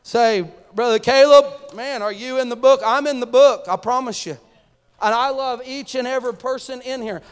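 A man's voice: very high-pitched, normal speed, clean tone, in a large hall. A man preaching as assistant pastor, speaking passionately and directly to his congregation. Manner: impassioned, addresses congregation directly. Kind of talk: sermon. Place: church sanctuary.

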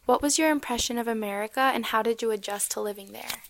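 A woman's voice: fairly high pitch, fast talker, creaky, noisy background. A woman interviewer asking conversational questions that prompt her guest to tell stories.

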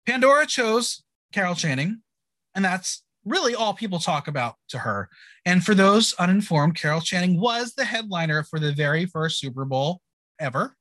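A man with a high, bouncy voice that swings up and down as he hosts a relaxed recap chat. He sounds bright and forward, playful and theatrical. His voice is recorded close and dry, with no room sound. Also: normal speed, no room sound. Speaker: podcast host.

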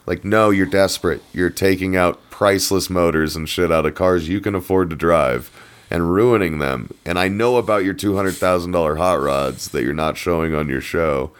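A man's voice: low voice, normal speed, smooth. A man co-hosting a podcast over a remote call, ranting and swearing in casual chat and mocking people in put-on voices. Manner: profane, ranting, mocking impressions. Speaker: podcast co-host. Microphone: remote call mic.

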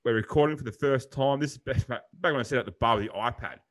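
A man's voice: medium pitch, fast talker, fairly bright tone. A young Australian man co-hosting a podcast in casual chat, rambling and blokey, swearing freely. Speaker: podcast co-host.

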